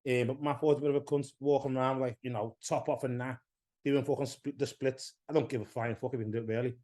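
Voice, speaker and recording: A man's voice: mid-range voice, fairly even intonation, fast, warm tone. English man, podcast guest, casual chat, profane, heated, rambling. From England.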